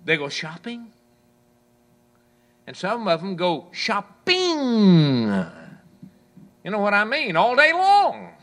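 Animated, bright-voiced male preacher. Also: high voice, slow pace, pauses often. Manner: preaching, quotes scripture, voices the complaints of listeners; swings from loud to hushed. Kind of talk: sermon.

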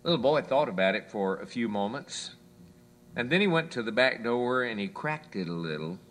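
A man preaching a sermon, telling folksy stories and quoting scripture, dropping low for quiet asides. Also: expressive, normal speed, a little hiss or hum. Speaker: pastor.

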